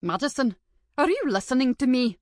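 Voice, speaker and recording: A woman's voice: high-pitched, sing-song, fairly quick, no room sound, studio quality, pitched above the performer's own voice. A woman voicing a spiteful, bullying older female teacher with a stern, contemptuous way of scolding.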